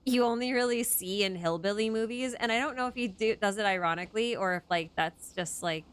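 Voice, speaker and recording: A woman's voice: mid-range voice, a little fast, smooth. A young adult woman hosting a casual chat, rambling and interrupting herself, often laughing mid-sentence. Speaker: host.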